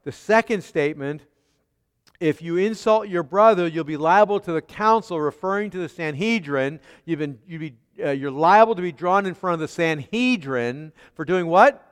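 A man preaching an expository sermon, asking his hearers rhetorical questions and swinging between quiet and emphatic delivery. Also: a little high, expressive, moderate pace, smooth. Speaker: pastor. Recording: long hall reverb.

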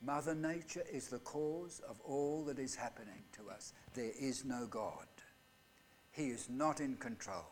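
A man preaching a live sermon in a church. He asks the congregation rhetorical questions and swings between loud outbursts and hushed lines. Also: medium pitch, a little slow, a little hiss or hum. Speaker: pastor. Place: church hall.

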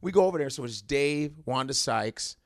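Male comic guest, lively swooping voice, dry close sound, animated storyteller. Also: mid-range voice, moderate pace, no echo. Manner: animated storytelling, acts out voices, laughs often. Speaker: comedian guest. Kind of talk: casual podcast chat.

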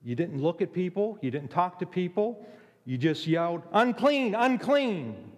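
A man preaching a sermon, emphatic, with dramatic pauses and acted-out quotes. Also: a little high, lively intonation, a little mellow, long reverb tail.

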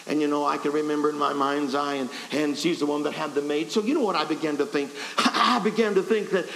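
A man's voice: fairly high pitch, steady tone, quick pace, fairly bright tone. A man preaching at a revival, telling a folksy, self-deprecating story with stammering restarts. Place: revival service hall. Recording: echoey hall with faint hiss.

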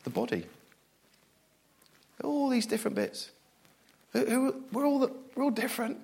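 A middle-aged man preaching a sermon, animated and self-deprecating, moving from loud bursts to hushed, quiet passages. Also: extremely high pitch, moderate pace, creaky, breathy edge.

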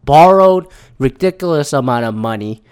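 A man's voice: mid-range voice, expressive, normal speed, darkish tone, clear, resonant tone. A man in a casual opinionated monologue, rambling and profane, laughing often and adding mocking asides.

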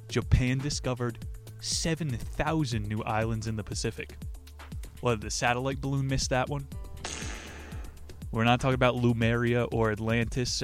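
A man's voice: medium pitch, steady tone, moderate pace, soft background music. A man hosting a book podcast, brash and crude, cracking corny jokes and swearing between passages he reads aloud. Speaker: podcast host reviewing books.

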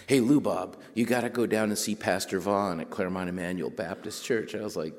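Brief: lower-voiced man, animated storyteller, long hall reverb. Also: moderate pace. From Mexico border region. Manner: animated storyteller, acts out quotes and laughs. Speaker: writer giving a talk. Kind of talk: storytelling talk to a group.

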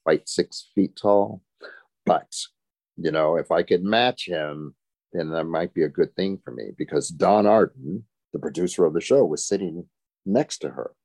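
A man's voice: sits low, measured pace, darkish tone, breathy edge. An older man, a former show dancer, telling stories in an interview with a chuckling, reflective way of talking. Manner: reflective, chuckling, frequent "you know". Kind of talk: storytelling in an interview.

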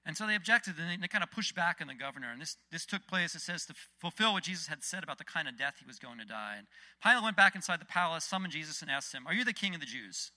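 Bright-voiced man preaching casually. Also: a little high, quick pace. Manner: conversational, animated, frequent restarts. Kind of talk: casual sermon with Bible reading.

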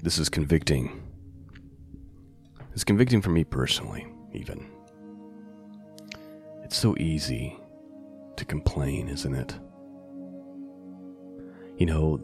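A man's voice: very deep voice, takes it slowly, long pauses, soft background music. A man teaching a bible passage on a podcast in a conversational way, often checking in with the listener. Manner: conversational, asks the listener "right?" and "okay?".

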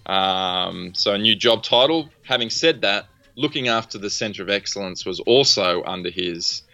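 A man's voice: on the low side, expressive, moderate pace, sharp tone, no echo, highs cut off, soft background music. A man with an Australian accent co-hosting a casual podcast chat, wry and laid-back, with many fillers. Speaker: podcast co-host.

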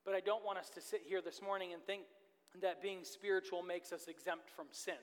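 A man's voice: sits high, steady tone, a little fast, big-room sound. A man in his thirties preaching a sermon as pastor, earnest and repeating his key phrases for emphasis. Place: church sanctuary.

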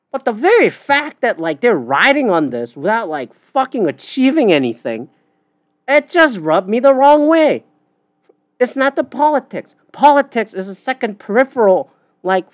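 A woman's voice: mid-range voice, dry recording, clean studio sound. A woman hosting a podcast, ranting bluntly and profanely in casual talk with many fillers. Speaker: podcast host. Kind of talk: casual opinion rant.

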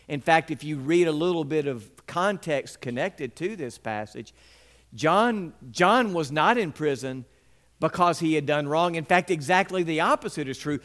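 A male preacher with a drawl tells stories from the pulpit. His voice sits a little high and swoops widely in pitch as he acts out scenes. He mixes plain teaching with playful, animated storytelling. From Mississippi, US. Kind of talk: sermon with personal storytelling.

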